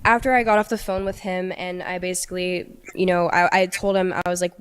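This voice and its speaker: A young woman recounting a personal story in a casual, halting way, often restarting her sentences. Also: fairly low pitch, little pitch movement, clear, resonant tone. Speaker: storyteller recounting a past relationship.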